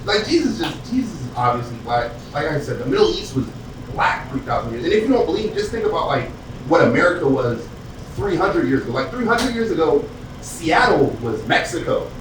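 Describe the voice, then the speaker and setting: On a comedy club stage, a US East Coast comedian delivers a profane, conversational stand-up set, acting out characters for the live audience. His voice is slightly high with big pitch swings and a brisk pace. The recording is distant and echoey, with audience noise.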